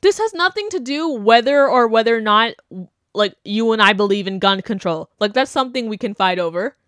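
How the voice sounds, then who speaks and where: A woman's voice: on the high side, fairly quick, clean tone, dry recording. Blunt young woman, dry close sound. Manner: blunt, animated, mocking quotes. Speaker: podcast host. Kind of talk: casual opinion chat.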